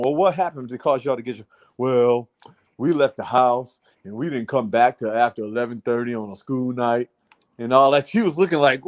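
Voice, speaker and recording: A man casually telling a long story to friends in a blunt, profane way, repeating "I said" as he retells it. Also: medium pitch. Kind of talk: casual chat.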